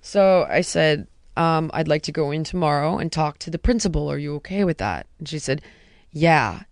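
A woman hosting a podcast, casually telling a personal story and dropping her voice softly when she quotes someone. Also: low-pitched, normal speed, vocal fry, no echo, clean studio sound. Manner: animated retelling, drops to a soft hush for quotes. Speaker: podcast host.

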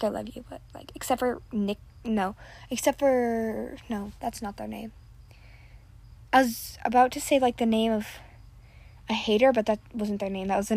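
A slightly high, creaky voice with a darkish tone belongs to a teenage podcast host. She chats casually, leaning on "like" and self-deprecating asides, and records on a built-in device mic.

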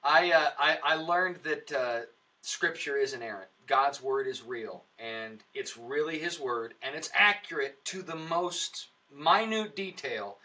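A man chatting as an interview guest, earnest and a little long-winded, with a preacher's cadence. His voice is fairly high and very bright. He sounds slightly distant from the mic. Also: unhurried. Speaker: comedian and actor, podcast guest. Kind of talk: casual interview chat.

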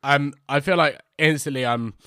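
A man's voice: fairly high pitch, moderate pace, pushed and bright, clean tone, dry recording, studio quality. Man playing a panicked tabletop character. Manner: acts out panicked character lines. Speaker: player. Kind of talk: tabletop role-play.

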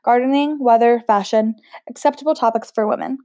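Mellow woman reading a novel with asides. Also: a little high, brisk, no echo, studio quality. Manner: casual, stumbles over words, chatty asides. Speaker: audiobook reader.

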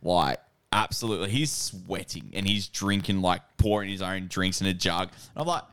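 A man's voice: low voice, normal speed, a bit bright, dry recording, clean studio sound. An Australian man, a podcast co-host telling a laid-back, crude story in casual chat.

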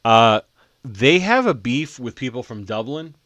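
A man's voice: mid-range voice, lively intonation, measured pace, fairly bright tone, no room sound. A man in his forties co-hosting a podcast, tipsy and rambling as he tells a story with plenty of swearing. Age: 40s. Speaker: podcast co-host. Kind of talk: drunken casual chat.

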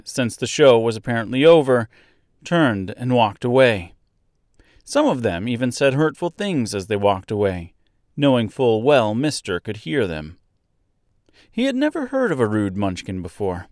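A man reading a storybook aloud as narrator, in a slow, measured, even way. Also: mid-range voice, no echo, clean studio sound.

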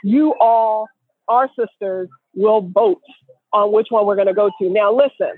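A woman co-hosting a casual call-in podcast, a lively storyteller who slips into the voices of people she quotes. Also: medium pitch, measured pace, no echo. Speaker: co-host. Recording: tinny phone line, dry.

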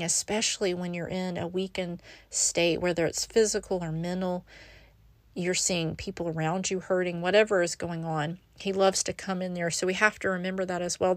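A woman's voice: on the low side, no room sound. A woman hosting a devotional podcast, reading scripture and reflecting on it in an earnest way, sometimes stumbling over repeated words. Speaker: podcast host.

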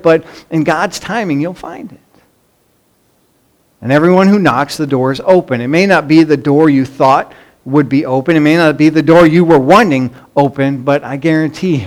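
A middle-aged man delivers a sermon with lively, story-driven energy, his voice sitting notably high for a man. He slips into pleading children's voices to act out his illustrations. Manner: animated storytelling, acts out pleading children in a raised voice. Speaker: pastor.

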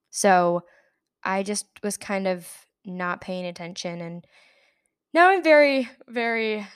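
A young woman hosts a podcast, her medium-pitched voice recorded cleanly in a studio with no room sound. She rambles through a personal story casually, packing it with fillers and frequent laughs.

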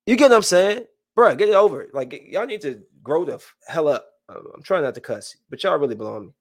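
A man in his thirties giving casual, joking live-stream commentary, swinging between loud bursts and hushed asides. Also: high-pitched. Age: 30s.

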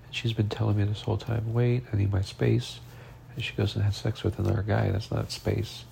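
A man's voice: on the low side, little pitch movement, fairly quick, creaky, warm tone, a little hiss or hum. A young man telling a personal story in a vlog, rambling and swearing, tearful and upset, his voice rising and cracking with emotion.

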